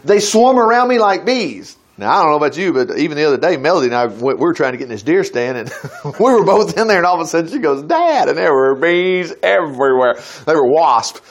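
A middle-aged man leads an informal Bible teaching, reading verses and breaking off into folksy asides. His voice sits a little high and swoops around with lively pitch. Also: quick pace. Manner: folksy, animated, jumps between reading and asides. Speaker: preacher teaching scripture.

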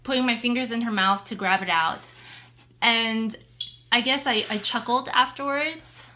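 A woman's voice: a little high, normal speed, bright, forceful tone, slight background noise. A young adult woman co-hosting a podcast, candid and open in casual chat. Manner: open, candid, laughs between thoughts. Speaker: podcast co-host.

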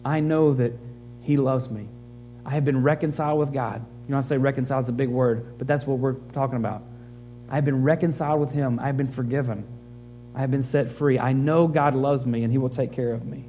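A man preaching a sermon as pastor, growing animated and emphatic as he reads scripture to the congregation. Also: mid-range voice, a little fast, slight background noise. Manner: animated, rising to excited emphasis.

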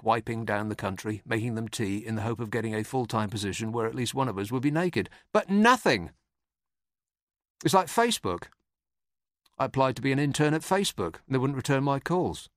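A man's voice: mid-range voice, lively intonation, brisk, no echo. A man hosting a podcast, delivering a dry, sardonic scripted comic monologue. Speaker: podcast host.

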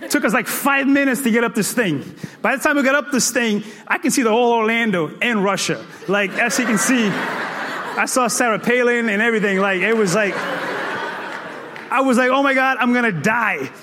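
A man from Cape Verde preaching in a comic, animated storytelling manner, full of playful exclamations and laughter. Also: extremely high pitch, normal speed, crowd noise. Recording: echoey hall reverb.

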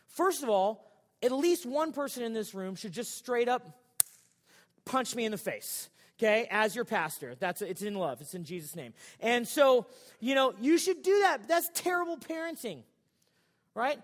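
High-pitched pastor guy joking around mid sermon, church hall echo. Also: sing-song, normal speed. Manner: casual, joking, conversational preaching. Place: church sanctuary.

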